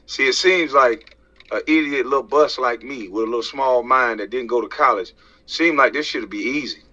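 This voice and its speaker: This clip features a medium-pitched male voice, pushed and bright, moving at normal speed. The speaker is an American social media commentator preaching to camera in a fired-up, profane rant full of rhetorical questions, recorded with dull lo-fi quality.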